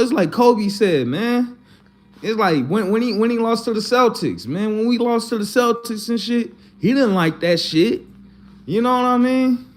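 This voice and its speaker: A man talking in a casual, profane, repetitive rant, upset and fired up after his team lost. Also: high voice. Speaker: Eagles fan. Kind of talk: casual venting monologue.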